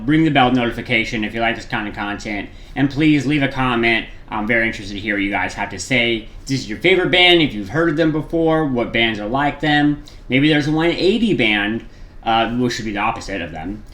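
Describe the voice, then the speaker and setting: A man's voice: medium pitch, fairly bright tone. A man hosting a reaction video, chatting casually in a rambling way with lots of fillers and restarts. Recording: roomy echo.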